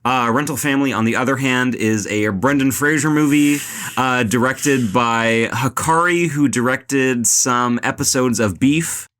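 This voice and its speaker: A man's voice: medium pitch, unhurried, a bit bright. A young man hosting a casual film podcast, retelling a movie in a rambling, joking way full of "like" and "uh". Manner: rambling, lots of "like" and "uh", jokey retelling. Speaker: podcast host.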